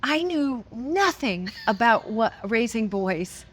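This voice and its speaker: Woman, interview guest, casual storytelling, expressive, laughs often, hesitant restarts. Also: on the high side, takes it slowly, breathy edge.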